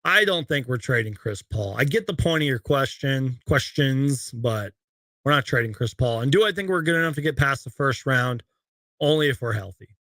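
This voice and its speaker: A man's voice: mid-range voice, lively intonation, normal speed, bright, forceful tone, no room sound. A young man hosting a casual live Q&A stream from home, rambling chattily as he reads viewer questions. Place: home room with shelves of collectibles.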